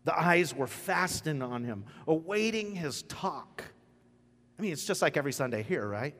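A man preaching a casual, joking sermon as pastor, telling the story with lively asides. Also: a little high, moderate pace. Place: church sanctuary. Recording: church hall with long reverb.

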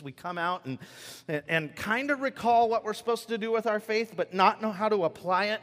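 A man preaching a sermon, telling a story in an animated way and acting out the voices of the people in it. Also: high-pitched, in a large hall. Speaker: pastor.

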